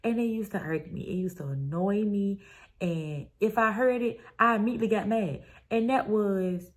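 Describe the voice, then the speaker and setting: A woman's voice: mid-range voice, normal speed. Emphatic, playful woman podcast host. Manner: emphatic, playful and conversational with slang. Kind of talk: motivational podcast monologue.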